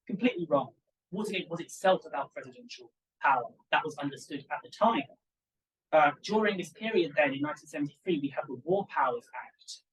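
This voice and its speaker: Animated young man giving a conference talk. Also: on the high side, distant mic, poor audio. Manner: animated, emphatic, with asides to the audience. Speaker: conference presenter, PhD student. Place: conference room.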